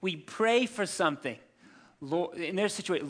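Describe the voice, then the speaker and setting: A man in his thirties preaching a sermon, telling scripture stories in a lively, humorous way and acting out the characters. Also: sits high, moderate pace. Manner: animated storytelling, acts out scripture characters with humor. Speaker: pastor.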